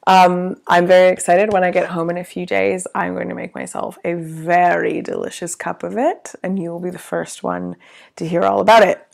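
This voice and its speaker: Gravelly-voiced woman chatting on a livestream. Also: little pitch movement, normal speed, a little mellow. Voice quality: low gravelly voice. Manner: theatrical, grand greetings, then chatty with swearing. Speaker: livestream host. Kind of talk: casual livestream chat. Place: small hotel room.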